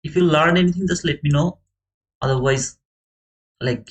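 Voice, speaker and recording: A man streaming live to viewers, thinking aloud in halting, repetitive phrases as he explains a trade. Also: fairly high pitch, fairly bright tone, poor audio. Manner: talks to chat viewers by name. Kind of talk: live market commentary to viewers.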